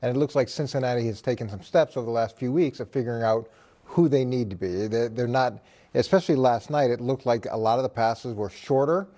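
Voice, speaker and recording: A man on a sports talk show who analyzes football in a measured, explanatory way. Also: medium pitch, mellow.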